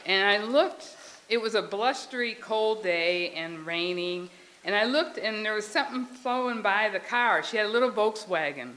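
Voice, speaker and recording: A woman sharing a memory at a memorial, telling her story with animated, laughing dialogue. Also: mid-range voice, normal speed, poor audio. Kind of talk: storytelling testimony.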